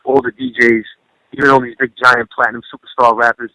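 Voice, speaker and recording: A rapper phoning in as a guest, telling stories in a rambling, profane way, full of "you know". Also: male voice, mid-range voice, little pitch movement, quick pace, bright, forceful tone, no room sound. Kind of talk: casual storytelling over the phone. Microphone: phone. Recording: muffled phone line.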